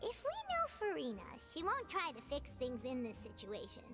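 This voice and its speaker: A tiny floating companion chatters in a very high, sing-song voice, bragging about her own cleverness. Her pitch leaps all over the place. Game music plays clearly behind her. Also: normal speed. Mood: earnest. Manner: boastful, excitable.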